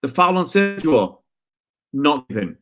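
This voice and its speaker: A man's voice: fairly high pitch, very animated, unhurried, a bit bright, faint music behind. A man hosting a live football stream, ranting in frustration and answering viewer comments with rhetorical questions. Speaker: football channel host.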